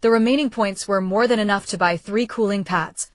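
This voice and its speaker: Woman with an even storybook narration. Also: medium pitch, normal speed, hardly any pauses, dry recording. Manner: even, steady reading of a translated web novel, with slips in pronouns. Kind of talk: scripted audiobook narration.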